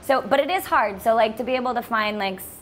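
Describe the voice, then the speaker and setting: Chatty woman, lively storyteller. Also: fairly high pitch, fast talker, a little hiss or hum. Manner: animated storyteller, acting out her own thoughts in a lifted voice; laughs often, many fillers like "like". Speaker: podcast guest. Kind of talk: casual chat.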